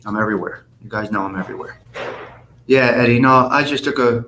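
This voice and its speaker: A man talks straight to his viewers on a live stream. He rambles in a blunt, profane street manner at an ordinary mid pitch. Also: a little fast, bright, forceful tone. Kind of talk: casual live-stream chat reading comments.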